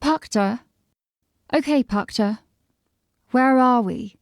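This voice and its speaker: A woman's voice: a little high, slow pace, no room sound, clean studio sound. A woman voicing a puzzled young woman who has lost her memory, asking bewildered questions in an audiobook. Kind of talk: audiobook character voice.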